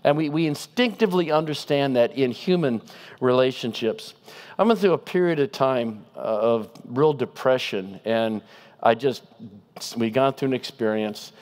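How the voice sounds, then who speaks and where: A man giving a guest sermon in a conversational style, animated and asking the congregation rhetorical questions. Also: mid-range voice, moderate pace. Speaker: guest preacher.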